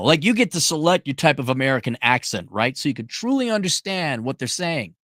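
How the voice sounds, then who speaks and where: An exasperated man delivers a mocking, sarcastic rant. His pitch jumps around a lot, and the sound is dry and close with no room echo. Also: sing-song, fairly quick, few pauses, a bit bright. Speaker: commentary vlogger. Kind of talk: ranting commentary.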